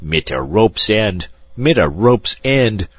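A gruff, growling German gentleman from an audiobook, put on by a male narrator. He speaks slowly in broken English with a German accent, low and husky. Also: very animated, dry recording, exaggerated voice.

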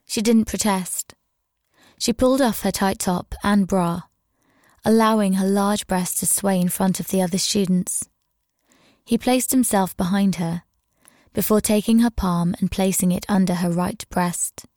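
A woman narrating a scripted audio story with a steady, even reading. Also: mid-range voice, measured pace, no room sound, clean studio sound.

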